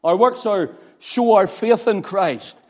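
A man's voice: high-pitched, slow, a little mellow, long reverb tail. A man with a Northern Irish accent preaching a sermon, building to impassioned, emphatic declarations.

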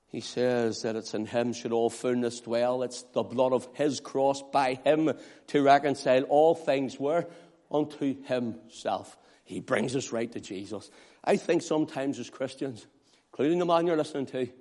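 Man, preacher, sermon, impassioned appeals and hushed asides, long echoing hall. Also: medium pitch. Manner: impassioned, rising and falling between loud appeals and hushed asides.

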